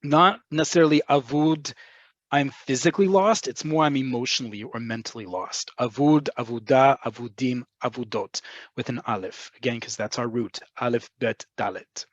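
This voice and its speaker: A man's voice: medium pitch, normal speed, no echo. A man teaching a Hebrew vocabulary webinar, patiently explaining and checking in with the class. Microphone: computer mic on a video call. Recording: slightly dull lo-fi webinar audio.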